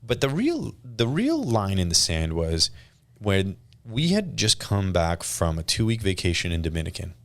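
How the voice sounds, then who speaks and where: A man with a lowish voice and a moderate pace, he's a Canadian in his thirties appearing as a podcast guest. He tells stories animatedly in casual chat, performing the quotes.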